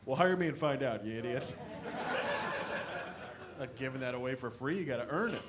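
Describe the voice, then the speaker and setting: A stand-up comedian man from the American Midwest, telling animated stories about his family on a club stage. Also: mid-range voice, normal speed, heavy background noise. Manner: animated storytelling, shouting impressions of his dad.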